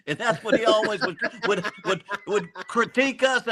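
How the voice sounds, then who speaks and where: A man's voice: high-pitched, normal speed, hardly any pauses, bright, forceful tone. An older man with a Southern accent, a former football coach co-hosting a casual sports chat and telling folksy stories. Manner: folksy storytelling, chuckles while talking.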